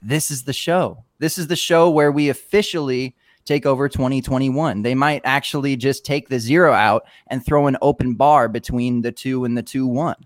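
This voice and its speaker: A man's voice: mid-range voice, moderate pace, no echo, clean studio sound. A man co-hosting a podcast, joking and rambling in casual chat. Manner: laid-back, joking, rambling. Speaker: podcast co-host.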